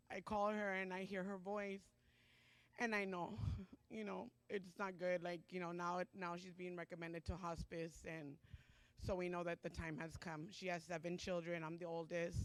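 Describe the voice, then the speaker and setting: A middle-aged woman gives a personal testimony at a Sunday church service, her speech halting and emotional, with many pauses and fillers. Her voice is medium-pitched with a level tone, and the recording is dry.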